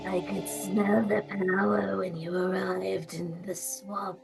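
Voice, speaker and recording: A woman voicing a scheming old female swamp hag with a gravelly, slow, drawn-out voice, in a tabletop game. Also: medium pitch, level tone, over music, rough recording. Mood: silkily menacing.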